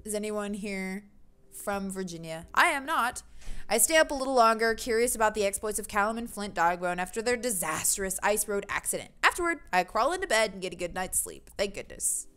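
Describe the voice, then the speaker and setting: Bright-voiced woman streamer. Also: mid-range voice, lively intonation, brisk, clear, resonant tone. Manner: playful, reads every character in funny voices. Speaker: streamer playing a dating game. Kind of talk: reading game dialogue aloud with commentary.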